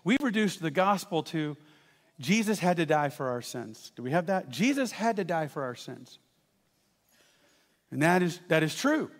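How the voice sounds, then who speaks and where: A man preaching a sermon as pastor, telling stories with lively asides to the congregation. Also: sits high, big-room sound. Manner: animated storytelling with asides to the congregation.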